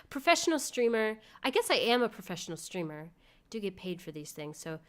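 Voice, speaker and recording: A woman's voice: medium pitch, big pitch swings, fairly quick. A young woman streaming live, chatting with viewers in a rambling, giggly way and thanking donors. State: sick with covid. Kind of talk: casual live-stream chat.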